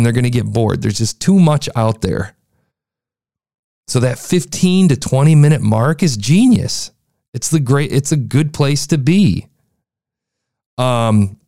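A young man talks through a podcast review in a loose, chatty way, often restarting his sentences. His voice is gravelly and dark. The sound is dry and close. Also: mid-range voice, dry recording. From United States. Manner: chatty, frequent restarts and fillers. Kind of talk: casual critique commentary.

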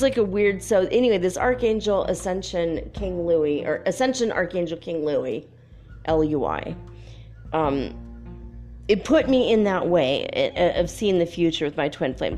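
A young woman telling a story in a casual monologue, dreamy and full of "like" fillers. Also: a little mellow. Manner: dreamy, many "like" fillers, quotes others in a higher voice. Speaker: spiritual vlogger.

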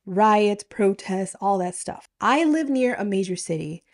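A woman's voice: medium pitch, expressive, measured pace. A woman hosting a podcast, telling a story casually rhetorical questions and a chatty, conspiratorial manner. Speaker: podcast host.

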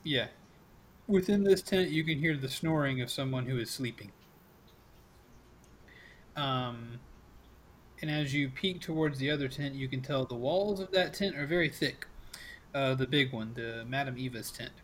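A man narrating as game master in a casual, quick way with many fillers. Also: medium pitch, slight background noise.

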